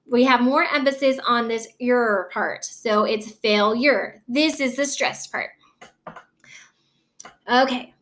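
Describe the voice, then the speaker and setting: In a slightly high, somewhat bright voice, a woman patiently leads students through a recorded lesson. She draws words out slowly to highlight their stressed syllables.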